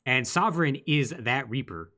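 A man co-hosting a podcast, telling a game's story in casual, lively chat with quick asides. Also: medium pitch. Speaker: podcast co-host. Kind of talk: casual chat recapping a video game.

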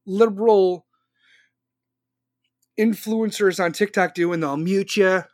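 A man's voice: sits high, takes it slowly, dry recording, studio quality. A man hosting a casual live stream, reading viewer comments aloud and answering them with sarcastic, argumentative commentary on his phone. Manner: argumentative, sarcastic, talks back to chat. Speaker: podcast host live-streaming.

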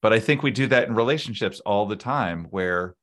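A man's voice: on the low side, expressive, a little fast, fairly bright tone. A man co-hosting a casual podcast chat, reflective and explaining his ideas with everyday examples.

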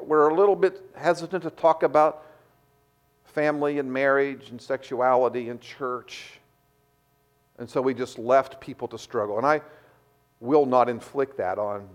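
A middle-aged man preaching a sermon, repeating words as he restarts, telling stories in a lively way. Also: medium pitch. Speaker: pastor.

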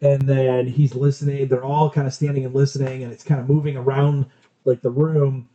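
A man retells a film in a relaxed, swear-heavy ramble. His voice sits dark and mellow. The recording has a muffled, lo-fi quality. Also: mid-range voice, a little fast. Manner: profane, loose storytelling. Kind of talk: casual film recap chat.

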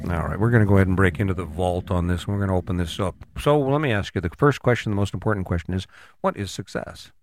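A man's voice: low voice, fast talker, soft background music. A man hosting a motivational monologue, talking casually and rambling with frequent restarts.

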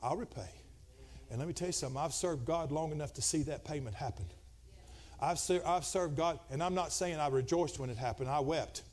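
A middle-aged man preaching a Pentecostal sermon, dropping to quiet conversational talk and then climbing into shouted, fervent preaching. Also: a little high, a little fast. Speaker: pastor.

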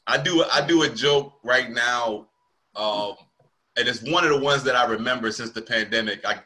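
A man's voice: mid-range voice, normal speed, sharp tone. A male comedian hosting a casual chat, telling loose slangy stories and laughing often. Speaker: comedian and podcast host.

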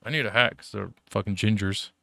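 A man's voice: on the low side, brisk, gravelly, pushed and bright, dry recording, studio quality. A young man telling rambling, profanity-filled stories in casual chat, full of fillers.

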